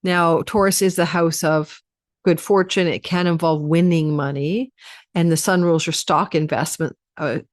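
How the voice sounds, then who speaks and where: A woman's voice: low-pitched, steady tone, normal speed, no echo, clean studio sound. A tired woman astrologer giving a rambling, chatty forecast and running through lists of possibilities. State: tired, yawning.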